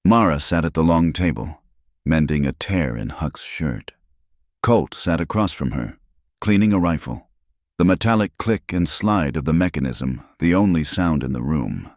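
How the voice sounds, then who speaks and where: A man narrating a scripted story in a measured, steady way. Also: very deep voice, dry recording, clean studio sound.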